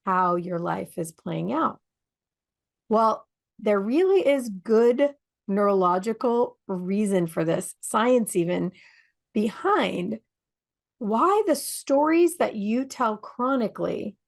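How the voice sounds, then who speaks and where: A woman co-hosting a radio talk show, talking in a lively storytelling way and asking her listeners rhetorical questions. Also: a little high. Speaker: podcast co-host.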